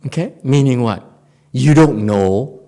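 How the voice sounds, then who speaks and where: A man's voice: mid-range voice, expressive, measured pace, dark tone. A man with a Korean accent giving a dharma talk as a Zen master, playful, telling stories and laughing often.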